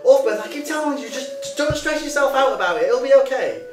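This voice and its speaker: A soothing shopkeeper speaks in a raised, high voice, as a man puts him on. He sounds eager to calm a friend. The recording is roomy and distant, with music in the background. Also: a little fast. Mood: reassuring.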